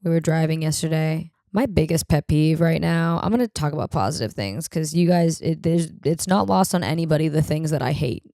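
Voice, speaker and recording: A woman's voice: low voice, fairly quick, few pauses, dark tone, no echo, clean studio sound. A woman hosting a podcast, telling rambling comic stories in a blunt, profane, casual way. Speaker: podcast host. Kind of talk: casual comedic monologue.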